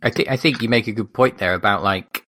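A man's voice: lowish voice, fast, dry recording, clean studio sound. A man, co-hosting a podcast and chatting animatedly about a film, often stopping to restart his sentences. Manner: animated, self-interrupting film commentary. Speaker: podcast co-host. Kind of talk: casual chat.

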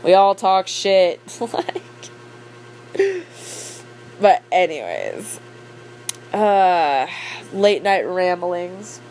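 A woman's voice: on the low side, sing-song, drawn-out words, a little mellow. Young woman, casual late-night rambler; crude, blunt, filler-heavy, laughs a lot; faint hum in the background. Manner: laughs often. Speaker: cook.

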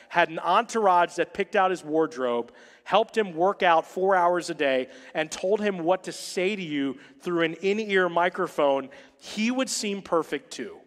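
A married man preaching a sermon as pastor to his church, with humorous asides and dramatic pauses. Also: fairly high pitch, expressive. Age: adult, married. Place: large church hall. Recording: long reverb of a church hall.

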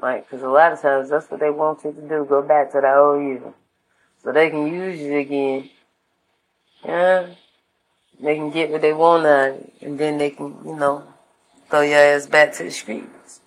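A woman's voice: sits low, fairly even intonation, moderate pace, a little hiss or hum, poor audio. A woman talking in a laid-back, slangy casual monologue, giving life advice to her viewers. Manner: laid-back and slangy, acts out voices in anecdotes.

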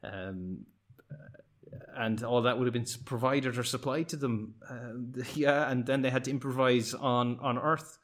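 A man's voice: medium pitch, fairly even intonation, unhurried. A man in a casual film discussion, explaining his ideas and thinking aloud.

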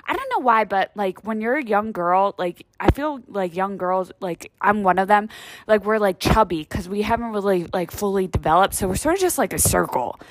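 A woman's voice: medium pitch, lively intonation, moderate pace, dry recording. A woman hosting her own vlog in a casual, rambling monologue, swearing freely and saying "like" constantly. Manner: rambling, profane, heavy use of "like". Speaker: vlog host.

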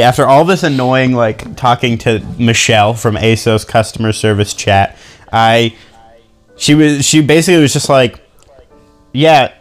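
A young man co-hosting a podcast, telling a story in an animated, exasperated way and acting out quoted exchanges. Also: mid-range voice. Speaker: podcast co-host. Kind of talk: casual chat.

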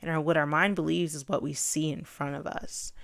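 A woman's voice: sits low, steady tone, a little fast, vocal fry, no echo, studio quality. A young woman hosting a self-help podcast, talking in an earnest, encouraging, conversational way and often repeating her main points. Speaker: podcast host.

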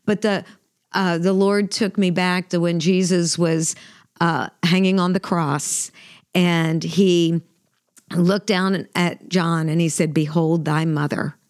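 Heartfelt middle-aged woman, low voice. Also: fairly even intonation, slow pace, a little mellow, dry recording, clean studio sound. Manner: earnest, emotional, many fillers and restarts. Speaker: podcast co-host. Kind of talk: heartfelt conversational storytelling.

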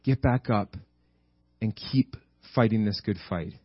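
A hushed, tender voice of God comforting a tired prophet, as a male preacher puts it on, low and quiet over a dull, dry recording. Soft reassurance, repeated gently. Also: fairly even intonation, a little fast, no room sound. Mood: gentle urging. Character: gentle, loving God speaking softly to a weary prophet.

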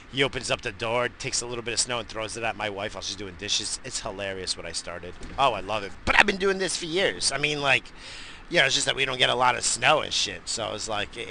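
A man's voice: mid-range voice, creaky, bright, forceful tone, slight background noise. A middle-aged man from the New York area, hosting a podcast and telling crude, boisterous stories in a profane, casual monologue. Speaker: podcast host.

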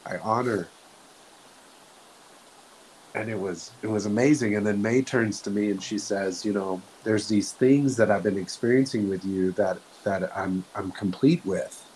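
A man talking slowly and earnestly in a reflective spiritual way, often restarting his sentences. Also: fairly low pitch, rough recording. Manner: slow, soft-spoken, earnest, with frequent restarts. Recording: faint hiss.

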